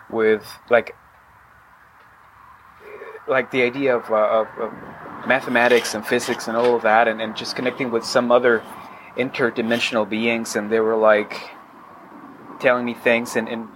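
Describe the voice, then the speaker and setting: A man's voice: medium pitch, a bit bright, slight background noise, poor audio. A man as a podcast guest, talking casually in a rambling way with many fillers and restarts. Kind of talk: casual interview chat.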